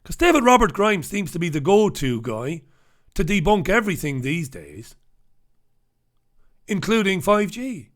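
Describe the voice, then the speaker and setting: Man, host, scathing newspaper review, sarcastic, sweary, fairly high pitch. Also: big pitch swings, a little slow, pauses often, fairly bright tone. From United Kingdom.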